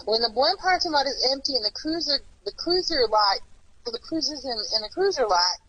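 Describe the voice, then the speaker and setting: A high-voiced woman hosts a casual chat, blunt and animated, often repeating herself and cursing. Her voice is bright, and it sounds dry and close to the mic. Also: brisk, slightly rough, no room sound, low-quality recording. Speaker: host.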